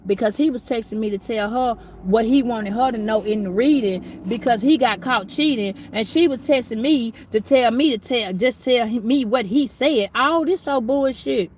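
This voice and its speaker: A woman's voice: fairly high pitch, normal speed, hardly any pauses, a little mellow, a little hiss or hum. A middle-aged woman giving a casual astrology reading, talking bluntly, preachily and with plenty of swearing. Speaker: tarot reader.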